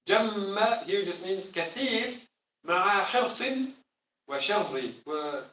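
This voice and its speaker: Man, teacher, emphatic, asks class questions, slightly high voice, distant mic. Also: sharp tone. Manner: emphatic, quizzes students. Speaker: Quran teacher. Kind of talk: classroom lesson. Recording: echoey room, distant mic.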